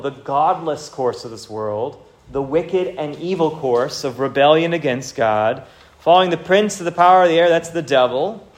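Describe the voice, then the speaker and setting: A man preaching a sermon in an earnest, exhorting way, rising and falling in pitch for emphasis. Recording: echoey room.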